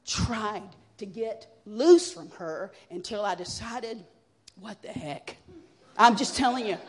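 A woman, sharing her personal testimony as a guest speaker in an earnest, expressive storytelling manner. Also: mid-range voice. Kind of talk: testimony sermon.

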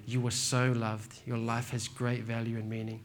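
Kiwi guy preaching, chill and slangy, mid-pitched voice. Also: monotone, normal speed, slight background noise. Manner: laid-back, slangy, says "man" and "bro". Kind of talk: casual sermon with storytelling.

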